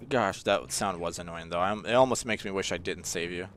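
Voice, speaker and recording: A man's voice: low-pitched, brisk, fairly bright tone. A young man casually commenting while he plays a video game, rambling and joking, with lots of fillers. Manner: rambling, jokey, easily frustrated, many fillers. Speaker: gaming channel host. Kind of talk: casual let's-play commentary.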